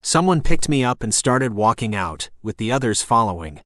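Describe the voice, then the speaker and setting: Man, audiobook narrator, steady storytelling read, mid pitch, dry close recording. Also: normal speed, no echo. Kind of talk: scripted first-person narration.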